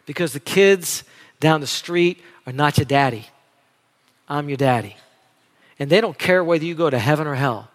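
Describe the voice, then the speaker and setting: A man preaching with a high, bright voice that rings out through a church hall with a long echo. His delivery is animated and dramatic, swinging from forceful to hushed. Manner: animated, dramatic preaching with shifts between loud and soft. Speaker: pastor. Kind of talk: sermon.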